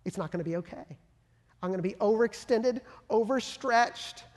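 A pastor preaching a sermon with passion, swinging from loud emphatic bursts to soft hushed lines. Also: mid-range voice, normal speed. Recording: long hall reverb.

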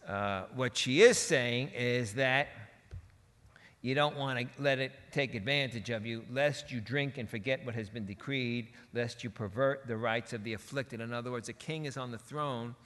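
A man delivers a sermon with a bright, forceful voice. He talks in a conversational, folksy way and slips into quick quoted voices and asides. Long reverb from a large hall trails each phrase. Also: mid-range voice. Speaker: preacher.

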